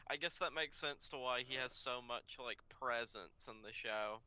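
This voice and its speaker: A woman co-hosting a podcast, chatting casually with enthusiastic, expressive delivery. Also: very deep voice, normal speed, rough recording. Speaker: podcast co-host. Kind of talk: casual chat.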